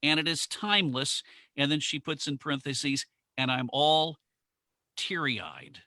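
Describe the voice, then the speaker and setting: A man's voice: fairly high pitch, a little slow, sharp tone, no echo. A man hosting a museum's live online Q and A, talking in a friendly, conversational way and reading out viewer questions. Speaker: museum livestream host.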